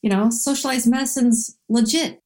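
A woman co-hosting a podcast in casual chat, joking and tossing in quick quips. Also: fairly high pitch, steady tone, darkish tone. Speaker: podcast co-host.

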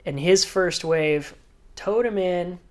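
A man telling a story in casual chat, animated, acting out quotes and laughing. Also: high-pitched, slow. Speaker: guest surfer.

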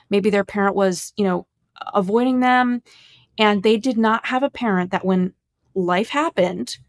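A woman's voice: medium pitch, creaky. A woman talking earnestly on a podcast, explaining ideas in casual chat. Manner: earnest, explanatory, speaks about psychology.

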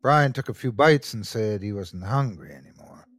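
A man's voice: fairly low pitch, expressive, moderate pace, slightly rough, no room sound, clean studio sound. A man narrating a scripted horror story as the show's host, telling it expressively.

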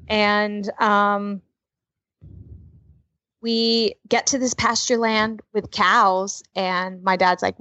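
A woman telling a personal story in casual chat, vivid and animated, with frequent swearing. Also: medium pitch, very slow, long pauses, no echo, dull audio. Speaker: podcast co-host telling a story.

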